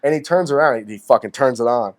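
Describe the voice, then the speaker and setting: A man in his forties co-hosting a podcast, telling stories in a casual, animated way, swearing freely and acting out what people said. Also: medium pitch, quick pace. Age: 40s. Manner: animated storyteller, heavy swearing, acts out quotes. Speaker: podcast co-host. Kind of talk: casual chat.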